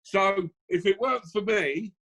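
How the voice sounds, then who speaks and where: A man's voice: high-pitched, unhurried, fairly bright tone. A man hosting a casual chat over a video call, joking and teasing his guest. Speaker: host.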